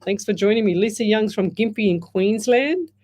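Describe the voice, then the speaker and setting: A psychic medium with a mid-range, darkish voice talks at normal speed on a live radio show, with slight background noise. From the studio, over a headset mic, she rambles, addresses listeners by name, and reads their comments aloud.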